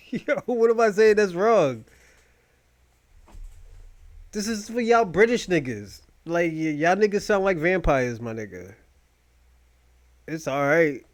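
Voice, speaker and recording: A man hosting a podcast, talking in loud, rambling, mocking rants full of profanity. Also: high-pitched, expressive, slow pace, pauses often. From United States. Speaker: podcast host. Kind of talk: profane casual commentary.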